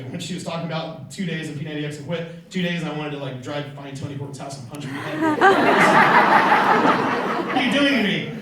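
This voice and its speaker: A man's voice: a little high, noisy background. A middle-aged man giving a motivational speech, telling stories and acting out the conversations in them. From California. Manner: storytelling, acting out quoted conversations. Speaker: motivational speaker. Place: large hall before an audience. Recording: echoey hall, mic from far off.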